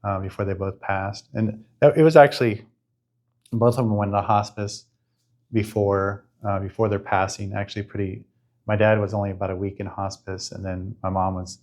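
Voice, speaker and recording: A middle-aged man frankly recounting his life in a conversation, reflective and swearing casually. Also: lowish voice. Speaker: guest sharing his life story. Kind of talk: candid conversational storytelling.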